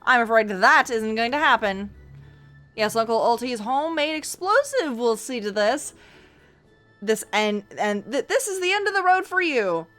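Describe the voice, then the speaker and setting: A woman's voice: fairly high pitch, sing-song, normal speed, fairly bright tone, soft background music. A woman voicing a scheming, gloating male octopus villain in a video game, cackling theatrically.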